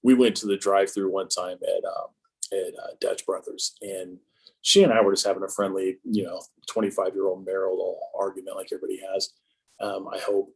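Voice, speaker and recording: A man in his fifties with a low, gravelly, husky voice, speaking as an interview guest. He tells stories about his own life with a joking, self-mocking humor. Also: flat delivery, brisk, rough recording. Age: 50s. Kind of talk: casual conversation.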